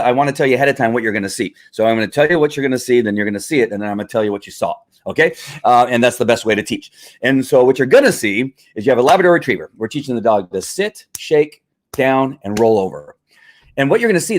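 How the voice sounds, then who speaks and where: A man hosting a live stream, explaining dog training in a conversational, repetitive teaching manner with fillers. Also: mid-range voice. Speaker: livestream host and dog trainer.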